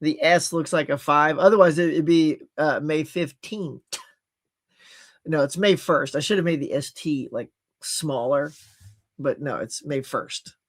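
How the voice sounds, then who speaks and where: A man hosting a casual livestream from his home setup, chatting about new movie releases in an animated way and laughing at himself. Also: a little high, measured pace. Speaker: livestream host. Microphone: computer with HD webcam.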